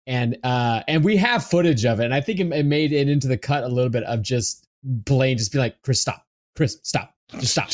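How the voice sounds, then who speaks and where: Man, casual podcast chat, rambling storyteller, mid pitch. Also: a little fast. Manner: rambling anecdote with frequent fillers. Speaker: podcast regular.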